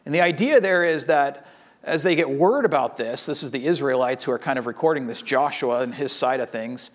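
A man preaching a sermon, reading scripture and acting out the speakers in a casual, animated way. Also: mid-range voice, fairly quick. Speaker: pastor.

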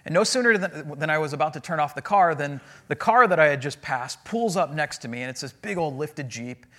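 High-voiced man preaching. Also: brisk. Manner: animated conversational storytelling. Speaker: pastor. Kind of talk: sermon.

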